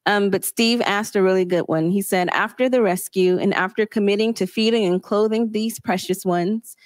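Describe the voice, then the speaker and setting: A woman's voice: medium pitch, fairly even intonation, moderate pace, no echo. Female co-host, polite, reading viewer questions, dry close mic. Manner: polite, reads questions aloud. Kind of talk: live stream Q&A.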